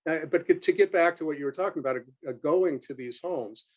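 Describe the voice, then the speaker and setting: A man explaining a product on a webinar over a video call, halting, with many filler sounds and restarts. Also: a little high, highs cut off. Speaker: company representative on a webinar. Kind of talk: unscripted webinar talk.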